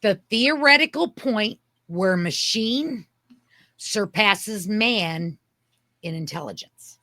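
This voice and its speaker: A woman's voice: mid-range voice, lively intonation, slow, pushed and bright, dry recording. Emphatic woman co-hosting, dry sound. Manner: emphatic, searches for things mid-sentence. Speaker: podcast co-host. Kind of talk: casual chat.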